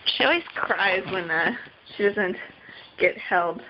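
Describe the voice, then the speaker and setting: A woman's voice: mid-range voice, lively intonation, slow pace, a little hiss or hum. A woman vlogging at home, chatting casually and cooing baby talk to her pet dogs in a hallway. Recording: dull lo-fi home camera audio.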